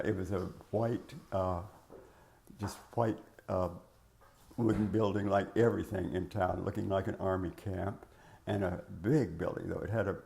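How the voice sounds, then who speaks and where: Older man, oral history interviewee: low, gravelly, reminiscing, lots of "uh" and restarts, voice cracking at times. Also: dark tone. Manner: rambling, reminiscing, many fillers and restarts. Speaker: interviewee recalling his working life.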